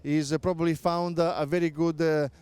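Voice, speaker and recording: A middle-aged man with an Italian accent gives interview answers as a racing pundit, his voice smooth and resonant and sitting a little high. He halts often on filler sounds and circles back to restart his phrases. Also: level tone, a little fast, a little mellow, no echo. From Italy. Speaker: motorsport pundit, former racing driver.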